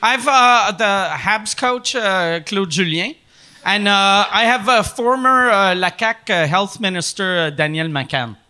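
A man's voice: measured pace, bright, forceful tone, clean tone, full character voice. A man from improvising a campy, flamboyant male company president in a comedy sketch, teasing and theatrical. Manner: theatrical, teasing, swoops up high.

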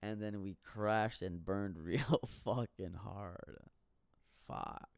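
A man's voice: lowish voice, slow pace, vocal fry, clear, resonant tone, dry recording. Rambling, profane man. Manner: rambling, profane, laughs often. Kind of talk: casual solo monologue.

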